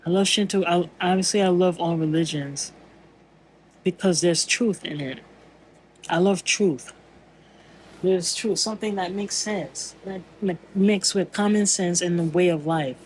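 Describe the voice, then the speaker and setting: Casual vlog voice, earnest, rambling, mid pitch, faint room hum. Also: a little slow, poor audio. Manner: rambling, searching for words, frequent restarts; earnest and musing. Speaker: vlogger. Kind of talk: casual spiritual monologue.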